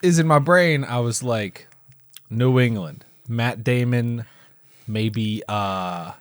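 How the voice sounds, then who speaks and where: A man's voice: mid-range voice, takes it slowly, no echo, studio quality. A man co-hosting a casual movie podcast, playful and hesitant, with many fillers. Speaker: podcast co-host.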